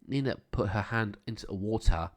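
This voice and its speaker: A man narrating a children's storybook aloud in a calm, steady reading voice. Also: on the low side, fairly quick.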